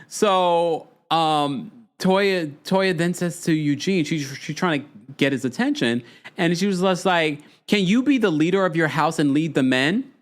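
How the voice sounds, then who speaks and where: On his podcast, a man with a fairly high voice casually recaps a reality show. He keeps it animated and chatty, laughing often and adding dramatic asides.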